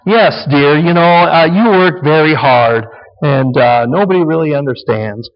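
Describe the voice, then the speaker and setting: A man's voice: fairly high pitch, unhurried. A man voicing an exasperated wife in a family squabble, speaking in a raised, pleading and snappish voice. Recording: dull lo-fi sound with long hall reverb.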